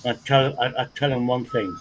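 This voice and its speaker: A man with an English accent hosting a casual livestream chat, animated and swearing freely with frequent repeats. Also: mid-range voice, fairly quick, a little hiss or hum, poor audio. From England. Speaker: livestream host.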